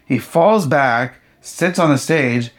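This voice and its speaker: A man, a pastor being interviewed, telling a personal story in a lively conversational way, with humorous asides and acted-out quotes. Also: mid-range voice, slow pace. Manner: animated storyteller who acts out what others said; humorous, self-deprecating asides. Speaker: pastor and guest speaker.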